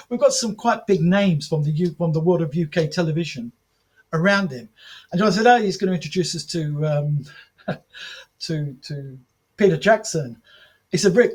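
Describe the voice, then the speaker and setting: A man as a podcast guest, telling animated anecdotes, acting out quoted dialogue with frequent restarts. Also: high-pitched. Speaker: podcast guest, martial arts film promoter and author. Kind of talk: casual podcast storytelling.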